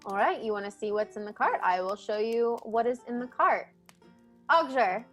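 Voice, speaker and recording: A smug roadside trader who keeps stalling with slippery friendliness, as a woman game master puts him on. His voice sits fairly high and lively, coaxing travelers toward the fire while dodging their questions. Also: normal speed, soft background music. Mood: tight-lipped. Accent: put-on Cockney, soon dropped. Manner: wheedling, overly friendly, hesitant.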